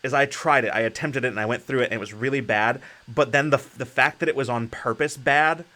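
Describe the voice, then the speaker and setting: A man's voice: mid-range voice, fairly quick, sharp tone. A man hosting a casual chat, telling a story with lots of restarts and fillers. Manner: rambling, many fillers and restarts. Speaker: podcast host.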